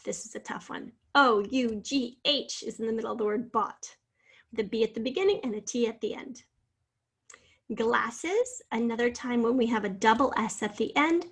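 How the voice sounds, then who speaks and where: A woman's voice: fairly high pitch, slightly rough. A woman teacher going over a spelling test answer key, patiently sounding out letters and encouraging her students. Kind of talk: spelling lesson narration.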